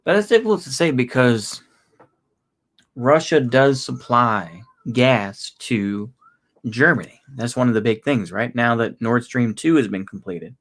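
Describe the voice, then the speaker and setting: Casually addressing his livestream chat, a man from Texas in his thirties speaks in a medium pitch with a Texan accent. His talk is rambling and halting, full of restarts.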